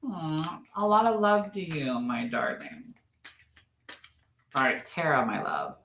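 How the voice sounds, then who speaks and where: A man's voice: a little high, big pitch swings, takes it slowly, sharp tone, reverberant, a little hiss or hum. A man hosting a live spiritual medium broadcast, reading viewer comments in a gushing, affectionate manner and calling people "my love.".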